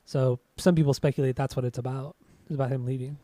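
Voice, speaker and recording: A man co-hosting a podcast in relaxed, teasing casual chat. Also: medium pitch, fast, no room sound. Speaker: podcast co-host.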